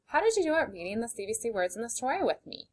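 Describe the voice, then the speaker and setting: A young woman leads a phonics lesson for small children in a sing-song voice on the high side. She sounds out each letter slowly and clearly, offering upbeat praise.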